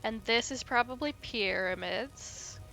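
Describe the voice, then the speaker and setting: Woman game streamer, bright and sharp tone, playful teasing chat. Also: on the high side, unhurried, gravelly, faint music behind. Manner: playful, chatty, teasing her co-host. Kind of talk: casual let's-play chat.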